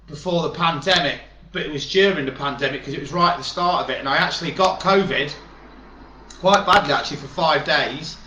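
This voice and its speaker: Scouse guy chatting footy, kinda high sharp voice, echoey room. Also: slight background noise. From Liverpool, England. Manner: chatty, chuckling, rambling asides. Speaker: football channel host. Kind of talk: casual vlog, reading out newspaper. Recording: roomy echo, faint background ambience.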